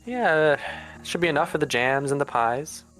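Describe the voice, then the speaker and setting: A man voicing a gentle young mother who teases her small child fondly. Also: a little high, animated, moderate pace, faint music behind, pitched above the performer's own voice.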